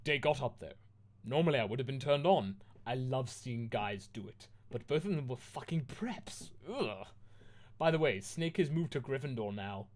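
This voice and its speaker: Man from the UK, comic read-aloud host, animated swoopy pitch, mock-drama. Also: moderate pace. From United Kingdom. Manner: mock-dramatic, lively delivery. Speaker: host reading fanfiction aloud.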